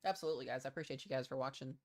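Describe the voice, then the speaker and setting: A man's voice: mid-range voice, fairly even intonation, rapid-fire. Chatty young man streaming weather. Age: 20s. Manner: loose and chatty, many fillers, answers chat questions. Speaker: weather livestreamer. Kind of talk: casual livestream weather commentary.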